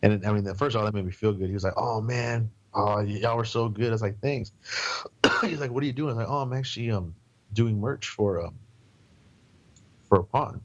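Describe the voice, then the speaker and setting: A man's voice: fairly low pitch, fairly quick, pauses often, muffled recording. Rambling man telling tour stories. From San Antonio, Texas. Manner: rambling, swearing, acts out quoted voices. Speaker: podcast guest. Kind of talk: casual storytelling.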